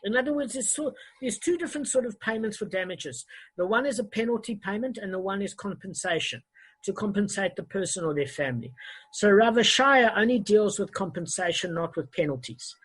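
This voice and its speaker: Man, online Talmud teacher on a video call; husky voice, hesitant delivery with self-corrections. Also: high-pitched, animated, a little fast, a bit bright, low-quality recording.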